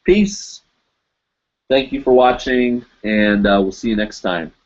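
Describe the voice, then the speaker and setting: A man hosting a live online show, chatting loosely with his viewers as he goes through their comments. He rambles through plenty of fillers and laughs now and then, in a somewhat low voice. The stream audio sounds dull and lo-fi. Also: normal speed. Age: adult, teaches in Japan. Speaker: host of a live web show. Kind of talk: casual live-stream chat reading comments.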